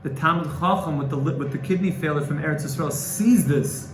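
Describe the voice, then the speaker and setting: A man's voice: a little high, brisk. A man telling a dramatic religious story with emotional, stammering restarts. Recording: echoey room with faint noise.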